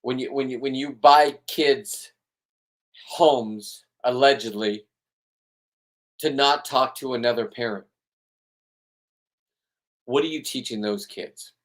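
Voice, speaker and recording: A man's voice: medium pitch, slow pace, pauses often. Heated, profane middle-aged man ranting. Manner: heated, profane, repeats himself. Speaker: spearfishing boat captain and vlogger. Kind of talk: rambling emotional monologue.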